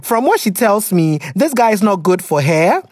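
Ghanaian English accent, podcast co-host, animated, teasing, dry sound. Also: medium pitch, moderate pace, no room sound. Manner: animated and teasing, slipping into Twi. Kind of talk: casual chat reading a listener letter.

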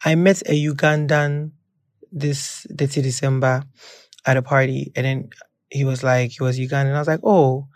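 A podcast host chatting casually and expressively, with quick asides. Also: medium pitch, level tone, no room sound. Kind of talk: casual interview chat.

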